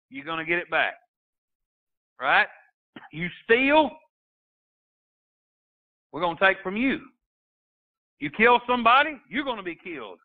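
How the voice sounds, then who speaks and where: A man preaching a sermon as a pastor, rising into emphatic bursts and quoting scripture in old-fashioned wording. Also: high voice. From Texas. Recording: tinny phone-line sound.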